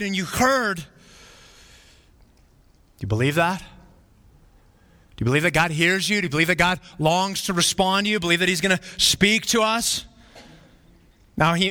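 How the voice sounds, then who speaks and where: A bright, ringing male voice pitched well above the usual, preaching with earnest repetition. His sermon carries the long reverb of a church hall. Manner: earnest preaching with repeated phrases. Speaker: pastor.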